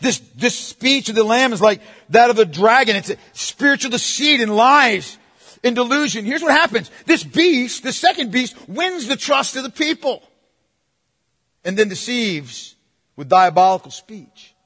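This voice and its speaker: A man preaching a sermon, moving between forceful proclamation and hushed, playful asides to the congregation. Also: very high-pitched, expressive, unhurried, big-room sound. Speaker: pastor.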